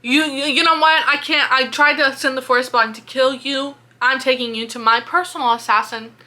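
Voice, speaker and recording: A woman voicing a cruel, arrogant male prince who shouts insults with contempt, in a casual book-review retelling. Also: high voice, fairly even intonation, moderate pace, voice pushed up. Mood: furious.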